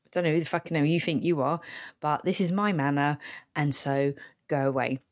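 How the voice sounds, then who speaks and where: A woman voicing a scrappy, defiant village tomcat with a slightly lower, swearing, threatening swagger. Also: brisk, no room sound, clean studio sound, close to an everyday voice.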